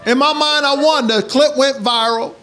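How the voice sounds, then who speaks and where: A man doing stand-up comedy who tells animated stories and builds up to shouts. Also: extremely high pitch, normal speed. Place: comedy club stage. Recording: live club set with crowd laughter. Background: audience laughter and room hiss.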